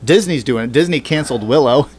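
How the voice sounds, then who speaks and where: A man hosting a casual podcast, rambling and profane, thinking through figures out loud. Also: mid-range voice, fast talker, slightly rough. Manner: rambling, profane, works through numbers aloud. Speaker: podcast host.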